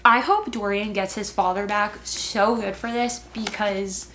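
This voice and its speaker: A woman's voice: medium pitch, fairly even intonation, measured pace, a bit bright. Anxious, chatty young woman reading aloud. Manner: emotional, gasping and fretting as she reads. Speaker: book vlogger. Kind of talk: reading vlog, reading aloud and reacting.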